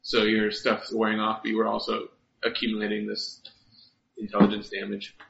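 A man narrating as game master of a tabletop game, talking in halting bursts with many restarts. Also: on the low side, completely flat delivery, vocal fry, heavy background noise. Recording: roomy, dull lo-fi sound.

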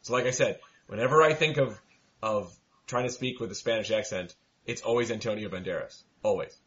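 A man's voice: on the low side, brisk, fairly bright tone. A man playing a tabletop game with friends, chatting casually, joking and laughing a lot. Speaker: player. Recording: dull lo-fi sound.

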